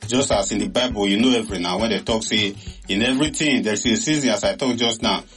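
A man with a Nigerian Pidgin accent, hosting a show and giving animated, casual commentary full of exclamations. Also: fairly low pitch, fast, faint music behind. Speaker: radio or online show host.

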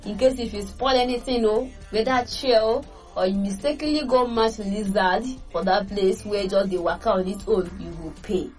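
A woman with a Nigerian Pidgin accent hosting a casual entertainment gossip show, lively and chatty, laughing between points. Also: medium pitch, moderate pace. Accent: Nigerian Pidgin English. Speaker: entertainment news host. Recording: distant mic with faint music.

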